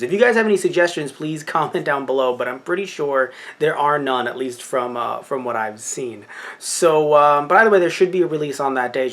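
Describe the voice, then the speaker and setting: A man's voice: medium pitch, fairly bright tone. A man in his twenties hosting his channel, giving a casual, rambling update and often correcting himself mid-sentence. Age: 20s. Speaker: channel host.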